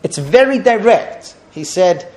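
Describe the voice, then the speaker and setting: High-voiced man teaching a lively lesson. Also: measured pace. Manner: animated, rhetorical questions to the group. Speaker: Torah teacher guiding a group. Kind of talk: storytelling Torah lesson. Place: outdoors at a holy site.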